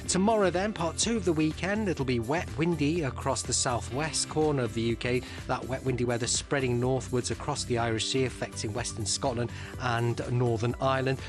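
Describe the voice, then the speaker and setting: A man reading the radio weather forecast in a brisk, even delivery. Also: medium pitch. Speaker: weather presenter. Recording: music bed under the voice.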